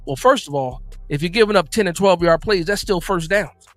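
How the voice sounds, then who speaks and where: A man's voice: high-pitched, brisk, fairly bright tone, faint music behind. A man hosting a casual live-stream, reading viewers' comments aloud and reacting to each, often repeating his words. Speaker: host.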